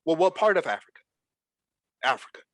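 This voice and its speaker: A man hosting a casual podcast chat, talking in an animated, emphatic way. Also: fairly high pitch, brisk, dry recording. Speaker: podcast host.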